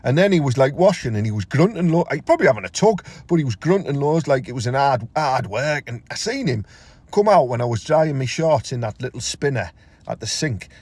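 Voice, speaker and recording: Teesside lad, comic rant, crude and sweary, mid pitch, dry close sound, voice leaps up when outraged. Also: male voice, animated, a little fast, darkish tone, breathy edge, no room sound. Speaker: comedian. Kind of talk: comic character rant to camera.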